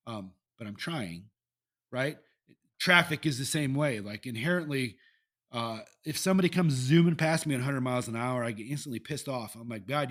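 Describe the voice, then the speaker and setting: A man hosting a solo podcast, talking casually and candidly with plenty of swearing and restarts. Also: mid-range voice. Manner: candid, profane, rambling with restarts. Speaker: podcast host. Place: Iowa.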